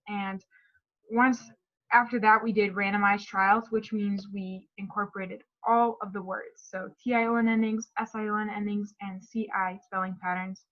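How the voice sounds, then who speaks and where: A woman's voice: mid-range voice, muffled recording. A woman presenting a speech therapy session in a recorded class talk, explaining and modeling word stress aloud.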